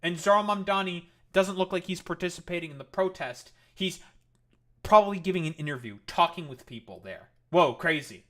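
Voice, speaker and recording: A man's voice: high-pitched, fairly quick, pushed and bright. A man streaming live and commenting in a heated, profane and sarcastic rant.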